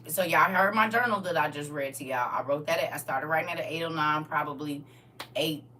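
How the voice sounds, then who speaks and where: A woman's voice: deep voice, brisk, pushed and bright, distant mic, slight background noise. A woman talking casually and candidly to her audience on a live stream, addressing viewers directly.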